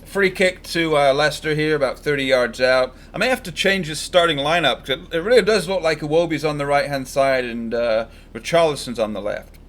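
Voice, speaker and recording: Streaming live football commentary, a man chats and jokes at a fairly quick clip with few pauses, firing off bleak, biased forecasts about his own team. His voice is slightly high with a fairly bright tone, and he sounds loose and conversational, like a fan lounging on the sofa.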